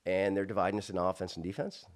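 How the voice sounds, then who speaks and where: A man from South Florida tells a personal story as an interview guest. His voice sits on the low side. He talks animatedly, breaking off and restarting lines as he goes. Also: fast talker. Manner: animated, many restarts and asides.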